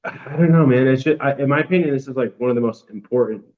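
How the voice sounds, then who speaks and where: A man's voice: medium pitch, quick pace, narrow, tinny audio. A man as a guest on a podcast, talking earnestly and animatedly, repeating himself for emphasis. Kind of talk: casual podcast conversation.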